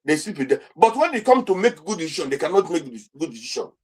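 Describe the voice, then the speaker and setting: High-voiced Nigerian man, heated and repetitive. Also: sing-song, fast talker, low-quality recording. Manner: heated, repetitive, many restarts and rhetorical questions. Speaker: interview guest. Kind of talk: impassioned political commentary.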